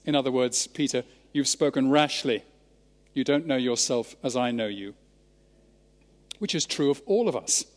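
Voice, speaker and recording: A Scottish man preaching a sermon, expounding scripture in a measured, emphatic way. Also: mid-range voice. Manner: measured, emphatic Bible exposition. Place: large church. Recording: church sermon with long reverb.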